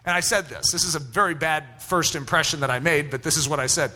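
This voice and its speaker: A man telling a personal story in a sermon, animated and acting out both sides of remembered conversations. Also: a little high, fast talker.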